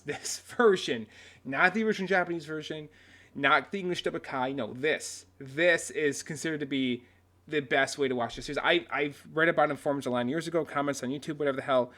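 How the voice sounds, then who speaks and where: Man, reaction video host, ranting, profane, slightly high voice, lots of restarts. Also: sharp tone. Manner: ranting, swears often, many restarts. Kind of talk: casual reaction commentary.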